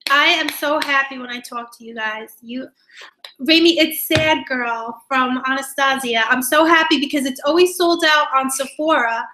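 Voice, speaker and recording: Casting note: a woman with a bright, sharp voice, bubbly and giggly, greeting her live viewers. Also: high voice, moderate pace. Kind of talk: casual live-stream chat. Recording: echoey room.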